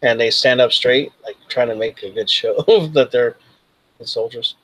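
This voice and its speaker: A man's voice: medium pitch, normal speed, crowd noise, low-quality recording. A man narrating as game master, loosely and with many fillers. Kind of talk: narrating a tabletop role-playing game.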